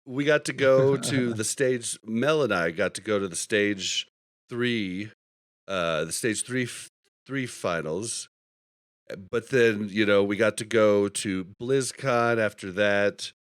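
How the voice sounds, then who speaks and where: A man's voice: on the low side, takes it slowly, no echo, studio quality. A man hosting a podcast, telling rambling stories in casual chat and laughing often. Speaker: podcast host.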